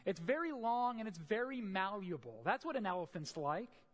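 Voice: mid-range voice, big pitch swings, moderate pace, big-room sound, close to an everyday voice. A preacher voicing a blind beggar man who insistently dismisses the first man's answer.

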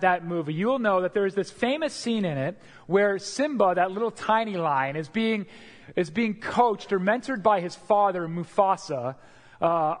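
A man preaching a sermon as pastor, earnest and expressive, sometimes repeating words as he builds a point. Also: high-pitched. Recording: long hall reverb.

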